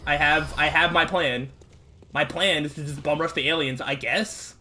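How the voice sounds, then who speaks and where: A man's voice: on the high side, steady tone, normal speed, slight background noise. Frustrated young man streaming a game. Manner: frustrated, swearing, yelling outbursts then muttering. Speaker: gaming streamer. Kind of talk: let's play commentary.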